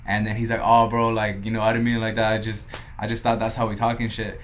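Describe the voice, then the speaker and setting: A man's voice: on the low side, flat delivery, fast, few pauses, slight background noise. A young man from Los Angeles, a podcast guest who tells his story casually, swearing often and acting out what others said. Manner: laid-back, swears a lot, quotes others in dialogue.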